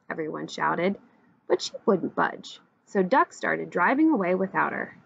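A woman, a teacher, reading a children's picture book aloud with expressive, animated storytelling. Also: lowish voice, moderate pace, vocal fry, husky, muffled recording.

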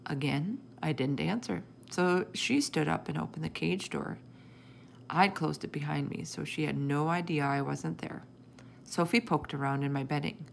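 A woman's voice: sits low, normal speed, vocal fry, slight background noise. A woman reading a children's chapter book aloud, narrating expressively in the first person. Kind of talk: storybook read-aloud.

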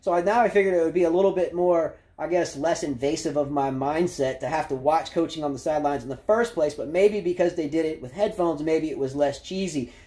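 A man's voice: fairly high pitch, a little fast, few pauses, mellow. A man in his thirties ranting about tennis in a rambling, sarcastic way, full of fillers and side remarks. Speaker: tennis commentary vlogger. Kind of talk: opinionated casual rant.

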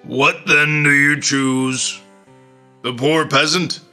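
A man voicing a stern, stately old male thunder god who speaks in a slow, measured, formal way. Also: a little high, fairly even intonation, bright, forceful tone, soft background music, full character voice. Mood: solemn.

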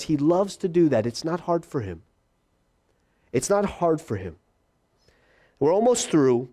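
A male pastor preaching a sermon, acting out quoted voices and dropping to a hush for God's quiet words. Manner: drops to a hushed low voice for God's quiet words.

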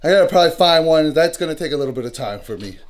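Breathless thirties dad vlogger, loud and excitable, very lively pitch. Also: male voice, rapid-fire. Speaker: family vlogger. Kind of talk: casual home vlog outro.

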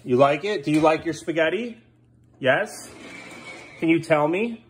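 A man's voice: on the high side, expressive, a little slow, a little hiss or hum. A father filming a home vlog, firmly repeating short commands to his child as he tidies up indoors. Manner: firm, repetitive commands to a child. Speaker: father and vlogger.

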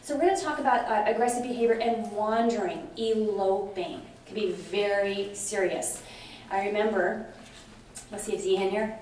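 A middle-aged woman giving a lively conference presentation, chatty and animated, often checking in with her audience. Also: medium pitch, moderate pace. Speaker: conference speaker on dementia care. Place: large conference room. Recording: very echoey hall from far off, faint noise.

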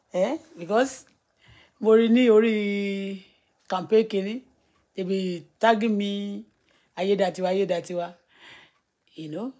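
Nigerian woman vlogger in her thirties, Yoruba accent, loose laughing live-stream chatter, mid-range pitch. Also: a little mellow. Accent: Nigerian, Yoruba-speaking. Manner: chatty, laughs often, reads viewer comments aloud. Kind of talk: casual live-stream chat mixing Yoruba and English.

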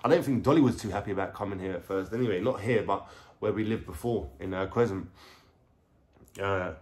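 A man's voice: low voice, fairly quick, darkish tone. A young man with a London accent telling a rambling, slangy story to camera at home, full of fillers and swearing. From England. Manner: rambling, profane street slang, lots of fillers. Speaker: vlogger. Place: indoors at home.

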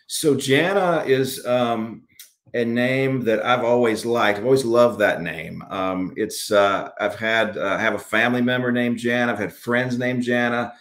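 Over a video call, a Southern-accented author from Alabama answers an interviewer's questions. His voice is medium-pitched, a touch bright, and a little slow, and his replies ramble with plenty of fillers and false starts.

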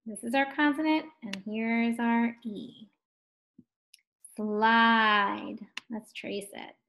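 Woman, first grade teacher, higher voice, slow and clear phonics lesson for young kids. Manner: slow, clear, encouraging teacher talk to children. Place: home distance-learning recording.

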